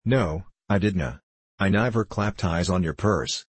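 Guy doing a grumpy miner, gruff and sulky, low husky voice. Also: measured pace, no room sound. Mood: indignant. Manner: gruff, blustering, broad dialect speech. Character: sulky, defensive male coal miner, middle-aged.

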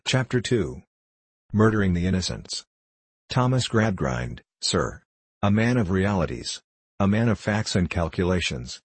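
A man narrates a classic novel in a measured, deliberate manner. His voice is very low and somewhat husky, recorded close and dry with no room sound. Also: no echo. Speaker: audiobook narrator.

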